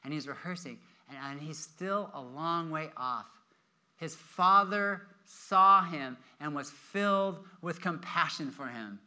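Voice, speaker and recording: A man preaching a sermon with a high, very bright voice. He tells the story with energy and acts out the characters' lines in changing voices. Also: slow pace, smooth. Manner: animated storytelling, acting out quoted voices. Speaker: pastor.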